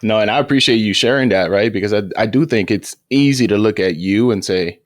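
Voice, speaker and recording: A man's voice: on the low side, brisk. A man hosting a podcast interview, summing up his guest's story back to him. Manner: affirming, sums up the guest's story. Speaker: podcast host.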